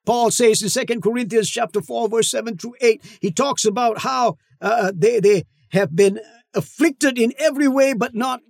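A middle-aged male pastor preaching a sermon, emphatic, with dramatic slow-downs and sudden shouts. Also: extremely high pitch, gravelly, no echo, studio quality.

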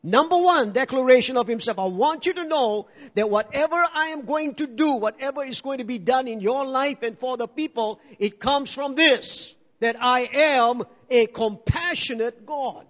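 A man's voice: extremely high pitch, normal speed, few pauses, fairly bright tone. An older man preaching a sermon, emphatic, repeating key words and calling for amens. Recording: reverberant dull hall sound.

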